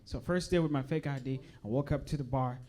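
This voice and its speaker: A young adult man from Uganda, doing a chatty, playful stand-up set in a comedy club and often dropping low for asides. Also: fairly quick, dark tone, a little hiss or hum.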